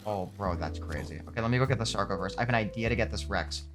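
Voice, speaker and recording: A young man narrating his survival game run and reacting excitedly and sarcastically, swearing often. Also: lowish voice, fast, music in the background. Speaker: gaming video creator. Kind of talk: game commentary with scripted narration.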